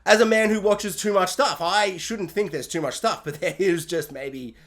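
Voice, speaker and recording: A man's voice: high-pitched, moderate pace, a bit bright. Rambling, laughing male film reviewer. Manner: rambling, with frequent laughs and restarts; mock-outraged, exclamatory. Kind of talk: casual film ranking monologue.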